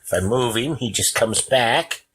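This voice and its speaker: A sick, out-of-breath man hosting a casual solo podcast from home, wheezing and pausing every few sentences to catch his breath. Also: medium pitch, a bit bright, slight background noise. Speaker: podcast host. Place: at home with a cat on him.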